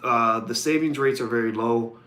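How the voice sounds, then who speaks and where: A man's voice: mid-range voice, normal speed, fairly bright tone. A man hosting a live podcast, talking conversationally and reading out viewer comments. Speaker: podcast host.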